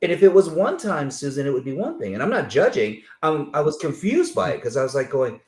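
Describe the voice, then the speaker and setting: A man hosting an interview, telling stories in an animated way and acting out the people he quotes. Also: on the high side, a little fast, hardly any pauses, roomy sound. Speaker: host. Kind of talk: conversational interview.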